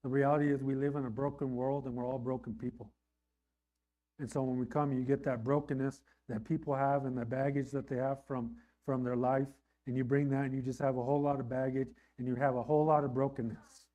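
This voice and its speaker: A man's voice: mid-range voice, level tone, fairly quick, dark tone, muffled recording. A man preaching a sermon in an earnest, conversational way, often checking in with his listeners. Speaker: pastor.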